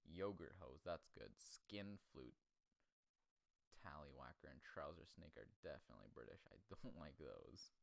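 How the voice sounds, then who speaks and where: A man's voice: extremely low pitch, lively intonation, moderate pace, creaky, no room sound. A man hosting a casual comedy chat, crude and rambling, often laughing. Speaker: podcast host.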